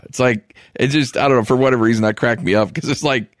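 A man's voice: mid-range voice, fairly even intonation, quick pace, no echo, studio quality. A man co-hosting a sports podcast in an amused, conversational way, leading into the next topic. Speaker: co-host.

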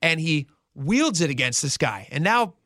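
A man's voice: a little high, moderate pace, no room sound. Man telling a story on the radio, dry studio sound. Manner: animated storytelling, retells quotes in character. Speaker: radio host. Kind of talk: casual radio talk.

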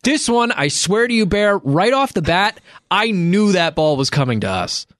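Co-hosting a podcast, a man tells a story in casual chat, acting out the other people in it. His high-pitched voice is very animated and fairly bright at normal speed, recorded in studio quality without echo.

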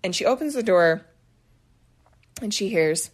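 A woman co-host with a mid-range voice tells a story in casual chat. She is animated, laughs often, and slips into the voices of the people she quotes. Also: medium pitch, measured pace. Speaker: podcast co-host.

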